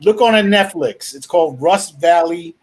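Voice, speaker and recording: A man co-hosting a casual chat in a slangy, excitable way. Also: fairly high pitch, normal speed, slightly rough. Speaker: co-host.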